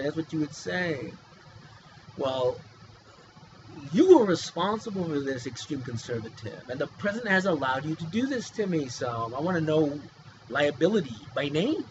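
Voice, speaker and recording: A man's voice: high voice, big pitch swings, normal speed. A man talking to camera in a rambling, agitated, pleading way, full of restarts and fillers, in a personal vlog. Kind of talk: emotional personal monologue. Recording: dull lo-fi sound with clear background hiss.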